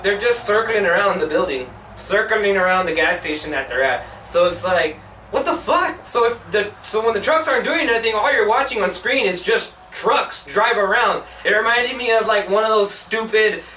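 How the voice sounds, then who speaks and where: Sharp-toned and high, a young show host talks at normal speed with a little hiss or hum in the background. His movie review is a casual rant, rambling and profane, leaning heavily on "like" and erupting in exasperation, all picked up by a far-off mic in an echoey room.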